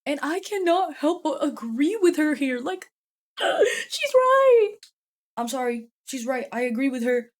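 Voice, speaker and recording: A woman's voice: high voice, normal speed, few pauses, darkish tone. A woman YouTube commentator giving casual, chatty commentary, swearing freely and laughing often.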